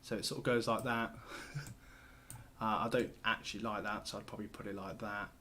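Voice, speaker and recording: A man's voice: fairly low pitch, fairly even intonation, brisk, pushed and bright, slight background noise. A man hosting a casual screen-share tutorial, talking loosely with lots of fillers and restarts as he works. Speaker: host.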